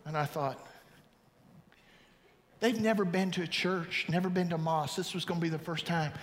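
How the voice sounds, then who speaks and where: A pastor in his fifties preaching a storytelling testimony, swinging from loud to hushed. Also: high voice, fairly even intonation, normal speed, pauses often, a little hiss or hum. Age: 50s. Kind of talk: sermon. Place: large church hall. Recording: reverberant hall, faint ambience.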